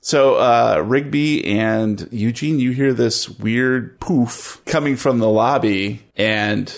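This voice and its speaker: A man narrating a tabletop horror game as its game master, in a steady tone. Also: medium pitch, slow, creaky.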